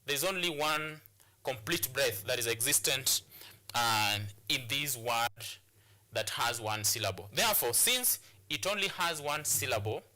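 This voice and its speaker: A man's voice: mid-range voice, expressive, a little slow, bright, forceful tone. A man with a Kenyan English accent teaching a televised English lesson, explaining syllables step by step with frequent repetition and rhetorical questions. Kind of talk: classroom lesson on stress and syllables.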